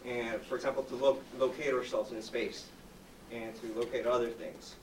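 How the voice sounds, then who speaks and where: A man's voice: medium pitch, fairly even intonation, normal speed, darkish tone, a little hiss or hum. A man in the audience asking a long, hesitant question at a lecture. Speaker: audience member. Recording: echoey hall mic from far off.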